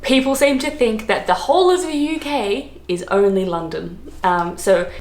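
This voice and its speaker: A woman from Australia with an Australian accent, chatting casually to camera in a rambling way, laughing often and filling pauses with ums and likes. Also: mid-range voice, echoey room. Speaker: vlogger. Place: room, lived in London.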